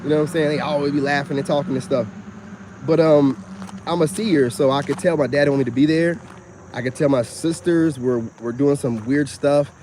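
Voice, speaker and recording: A man rambles through a long personal story, his voice sitting a little high for a man. He talks casually and animatedly to the camera, out of doors, with crickets chirping behind him. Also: brisk, slight background noise. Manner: rambling, animated storytelling with frequent "you know what I'm saying". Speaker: self-styled spiritual vlogger.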